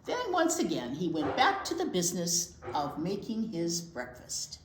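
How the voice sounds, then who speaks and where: A woman, a children's librarian, reading a picture book aloud to young children and pausing to talk about the pictures. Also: fairly low pitch, a little hiss or hum. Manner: unhurried, expressive reading to young kids. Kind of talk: children's read-aloud storytime. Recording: roomy echo.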